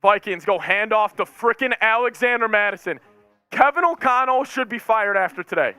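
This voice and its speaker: A man streaming as a sports fan, calling plays live with hyped yells and rambling reactions. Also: sits high, expressive, moderate pace, clear, resonant tone, no room sound, soft background music. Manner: hyped, yelling, rambling play-by-play.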